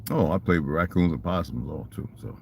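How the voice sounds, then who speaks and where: A man's voice: a bass voice, fairly quick, gravelly, darkish tone, a little hiss or hum. An older man telling rambling, profane stories in a casual monologue and asking rhetorical questions. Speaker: vlogger.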